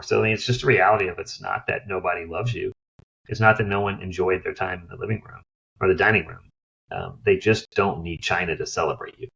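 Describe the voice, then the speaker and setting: A middle-aged man, a guest on an interview, telling lively stories and acting out other people's voices. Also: sits low, creaky, husky. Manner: animated storyteller who acts out others' voices. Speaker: guest, downsizing expert. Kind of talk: interview storytelling. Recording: slightly dull lo-fi sound.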